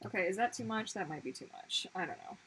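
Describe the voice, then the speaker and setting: A young woman chats casually as she draws on a stream. Her pitch swings widely from line to line, and she keeps cutting herself off with bursts of surprise. A faint hiss sits under the voice. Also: animated, quick pace, fairly bright tone, poor audio. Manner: rambling, self-interrupting, exclamatory. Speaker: livestream host and artist. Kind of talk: casual chat while drawing.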